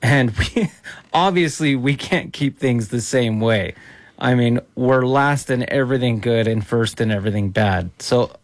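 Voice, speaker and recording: A man's voice: mid-range voice, unhurried, no echo. Casual male interview host, dry sound. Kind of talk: conversational interview.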